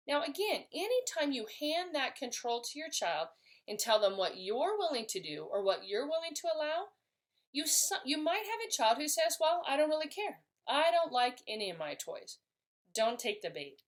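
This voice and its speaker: A woman's voice: high-pitched, sing-song, moderate pace. A middle-aged woman giving a parenting lesson, speaking in an empathetic way and acting out short example phrases. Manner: warm, empathetic, acts out short example lines. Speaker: parenting educator. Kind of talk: instructional talk to parents.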